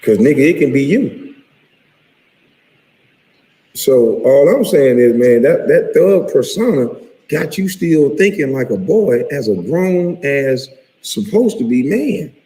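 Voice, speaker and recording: Profane, animated man ranting in an echoey room. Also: medium pitch, takes it slowly. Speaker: retired pro athlete. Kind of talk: casual rant to camera. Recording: echoey room with long reverb.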